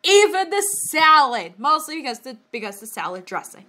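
A woman reading a bad story aloud in a mock-dramatic way, breaking into high laughing shrieks and comments. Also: normal speed, few pauses, bright, forceful tone. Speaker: reader of bad fan fiction.

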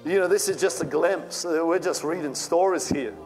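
A man's voice: fairly high pitch, moderate pace, darkish tone, soft background music. A male pastor preaching a sermon with fervent, rising outbursts.

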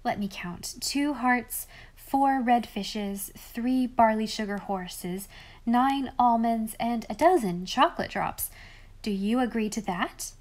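A woman voicing a sly, kindly motherly woman who gently teases a child. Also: on the high side, takes it slowly. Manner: gently teasing.

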